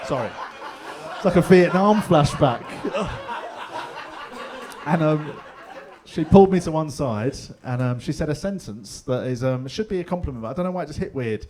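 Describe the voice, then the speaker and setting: A man's voice: on the high side, lively intonation, moderate pace, a little mellow. A middle-aged man with a London accent doing stand-up comedy in a pub, chatty and swearing, slipping into other people's voices. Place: pub stage with live audience.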